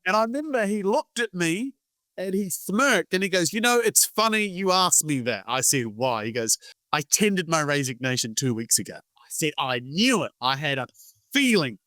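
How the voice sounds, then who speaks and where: A man's voice: a little high, very animated, normal speed, sharp tone, dry recording. A man from the UK, a sales trainer telling blunt anecdotes in a podcast conversation and acting out the dialogue.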